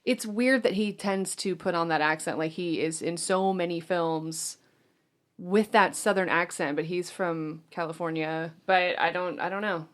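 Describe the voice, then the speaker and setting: A woman's voice: lowish voice, measured pace. A woman hosting a casual film podcast, chatting with friends, laughing often and reading out a synopsis. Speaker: podcast host.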